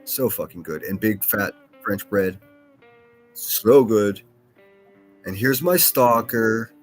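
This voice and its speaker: A man's voice: lowish voice, a little slow, faint music behind. Rambling, swearing man. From Pittsburgh, USA. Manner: rambling, profane, full of fillers and restarts. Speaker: solo podcast host. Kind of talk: casual rambling monologue.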